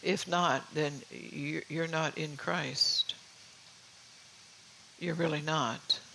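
A woman's voice: low voice, fairly even intonation, very slow, vocal fry, bright, forceful tone, slight background noise, rough recording. An older woman giving an informal sermon in a homey, confiding way, often saying "you know". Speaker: preacher.

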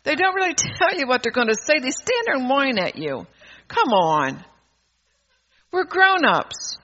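A woman preaches in a bright, tense voice, emphatic and scolding as she presses the congregation. The sermon is caught on a dull, lo-fi recording. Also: high voice, big pitch swings, a little slow.

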